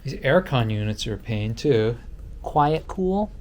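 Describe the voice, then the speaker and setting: A man walks through a small apartment narrating on the go, with a wry, deadpan humor. His voice sits at an ordinary middle pitch. He is recorded indoors on a handheld camera mic. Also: a little slow, slight background noise. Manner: sarcastic, deadpan joking. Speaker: travel vlogger. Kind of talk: casual walkthrough commentary.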